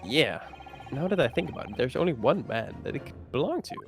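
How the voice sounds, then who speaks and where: A man's voice: medium pitch, sing-song, brisk, gravelly, music in the background. A man co-hosting a game playthrough, reading dialogue aloud between playful chat and frequent laughs. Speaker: let's play co-host.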